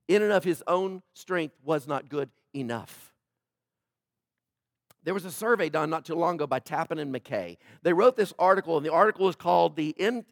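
High-voiced, animated male preacher. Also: no room sound, studio quality. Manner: animated, swinging between loud declarations and soft joking asides; addresses the congregation with questions. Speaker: pastor. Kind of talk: sermon.

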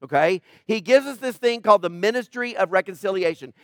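A man's voice: sits high, expressive, a little fast, a bit bright, dry recording, studio quality. A male pastor preaching a sermon, emphatic and full of rhetorical questions to the congregation.

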